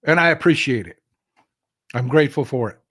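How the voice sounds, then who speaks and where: A man's voice: mid-range voice, animated, a little fast, a bit bright, breathy edge. A middle-aged man from Texas hosting a political livestream, talking straight to his viewers in a casual, impassioned and emphatic way. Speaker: political commentary livestream host.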